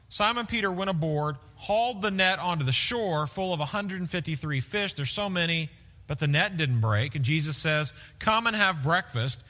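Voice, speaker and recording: A man's voice: a little high, sharp tone. Man preaching in an echoing church hall. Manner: conversational preaching, frequent "right?" checks. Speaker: pastor. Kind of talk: sermon. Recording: long reverb of a large hall.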